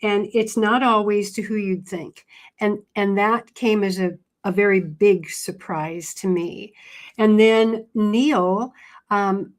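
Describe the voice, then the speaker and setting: A woman's voice: medium pitch, steady tone, slow. A woman author talking about her writing as a radio guest. She talks in a chatty way, often restarting her sentences. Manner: chatty, frequent restarts and fillers. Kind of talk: casual interview talk.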